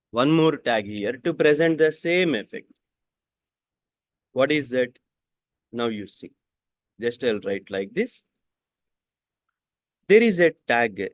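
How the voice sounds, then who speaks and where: Man, coding instructor, repeats himself, very slow pace, dry recording. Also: mid-range voice, sing-song, no echo. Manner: repeats each sentence twice, slow and deliberate. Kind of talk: classroom coding lesson.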